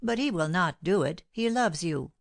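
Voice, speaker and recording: A frightened, guilt-ridden young nobleman, shaken and pleading in horror, read by a woman in an audiobook. The voice stays in a lowish woman's register, unchanged to sound male. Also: animated, normal speed, creaky. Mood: uneasy.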